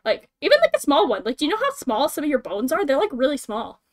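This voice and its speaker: A woman's voice: high voice, wildly swooping pitch, fast talker. A woman streamer chatting casually, giggling often and rambling from one thought to the next. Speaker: streamer host. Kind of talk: casual chat.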